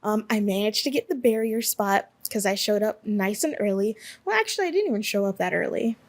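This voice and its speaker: A woman's voice: medium pitch, lively intonation, fairly quick. A young woman from Alabama hosting a casual solo podcast, talking in a rambling, chatty way and often correcting herself mid-sentence. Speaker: podcast host.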